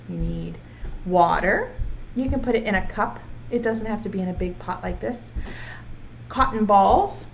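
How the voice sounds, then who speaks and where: A woman's voice: a little high, dull audio, slight background noise. Sing-song preschool teacher woman. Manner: gentle, asks children questions. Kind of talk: reading aloud and teaching young children.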